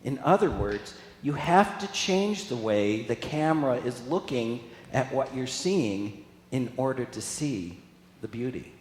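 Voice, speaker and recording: A man's voice: medium pitch, animated, unhurried, darkish tone. A man giving a casual spiritual talk as a guest speaker, chatting with the congregation and asking them questions. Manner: conversational, asks the audience questions. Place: spiritual center hall. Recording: echoey hall from a distance, faint room noise.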